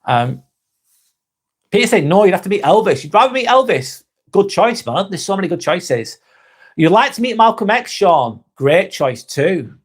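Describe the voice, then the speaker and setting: A man's voice: high voice, very animated, normal speed, breathy edge. Easygoing man in his forties. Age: 40s. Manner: laid-back, swears freely, calls viewers mate. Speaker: live-stream host. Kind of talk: casual live-stream chat reading viewer comments.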